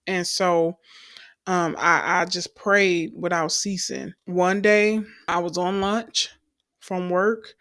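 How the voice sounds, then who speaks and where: A woman's voice: on the low side, steady tone, slow pace, fairly bright tone, dry recording, studio quality. A young adult woman, telling her personal faith testimony in an earnest storytelling way and calling the listeners y'all. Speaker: testimony speaker.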